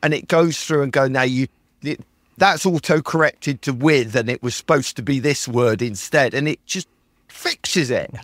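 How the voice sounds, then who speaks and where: A British man hosts a podcast in casual, enthusiastic chat, animatedly acting out the prompts he types to his tools. His voice is medium-pitched at a moderate pace, with studio-quality sound and no room noise.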